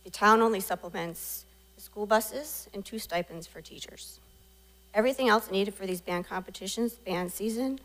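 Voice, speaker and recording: A woman's voice: mid-range voice, rough recording. A woman, treasurer of a parent booster group, giving an earnest, emotional public comment at a school board meeting.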